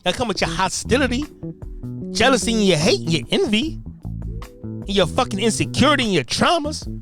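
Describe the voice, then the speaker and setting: An American speaker delivering a loud, profane, combative rant that keeps repeating its points. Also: medium pitch, sing-song, fairly quick, over music. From United States. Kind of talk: ranting monologue.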